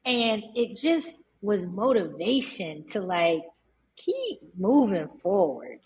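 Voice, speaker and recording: A woman entrepreneur, a guest on an interview podcast, telling her story in a lively, emphatic way and repeating words for stress. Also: mid-range voice, slow pace, slight background noise, poor audio.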